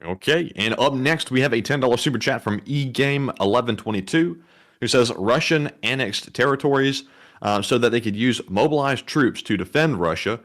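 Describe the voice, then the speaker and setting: A man's voice: mid-range voice, normal speed, a bit bright. Man reading out livestream donations. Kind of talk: reading viewer messages on a livestream.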